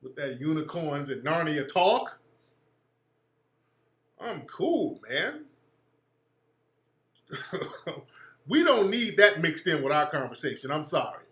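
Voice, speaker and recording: A man rants through a political commentary monologue, blunt and profane. His voice sits a little high and cuts through brightly, and an echoey room rings around him. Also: takes it slowly, pauses often. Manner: blunt, profane, animated ranting. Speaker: radio show host.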